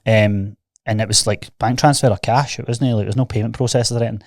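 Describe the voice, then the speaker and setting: A young Scottish man talks fast and openly, spilling his stories in a rush and tossing in "mate" every few breaths. His voice sits on the low side, and the recording is close and dry, with no room sound. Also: fairly even intonation, no echo. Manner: rapid, candid, peppered with "mate". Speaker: podcast guest, fitness coach. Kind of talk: casual storytelling chat.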